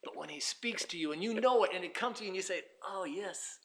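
A man preaching a sermon, dropping to quiet asides and rising to loud, impassioned passages, acting out pleading voices in dialogue. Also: fast. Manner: swings from low asides to loud shouted preaching.

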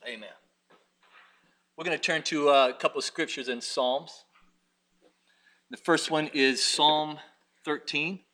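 A man's voice: on the high side, unhurried, long pauses, pushed and bright. A man preaching a sermon, reading scripture aloud and driving his points with rising intensity. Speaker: pastor.

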